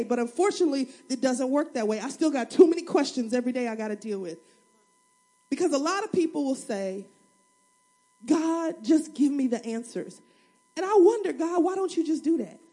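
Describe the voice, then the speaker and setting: High-voiced woman pastor preaching. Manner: animated, humorous, acts out prayers and everyday scenes; conversational, addresses the congregation directly. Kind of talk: sermon.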